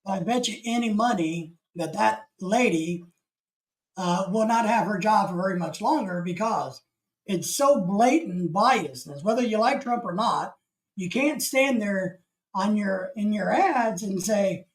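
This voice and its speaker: A man's voice: high voice, animated, unhurried, rough recording. A man from the United States hosting a casual live stream, rambling through opinions and reading chat comments aloud.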